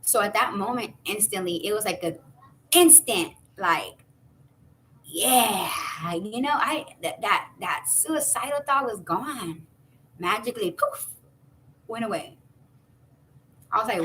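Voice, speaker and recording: A woman's voice: animated, measured pace, long pauses, bright, forceful tone, slight background noise, rough recording. A woman in her thirties telling a personal story casually, rambling with fillers and restarts. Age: 30s. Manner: acts out quoted voices with high jumps. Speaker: vlogger.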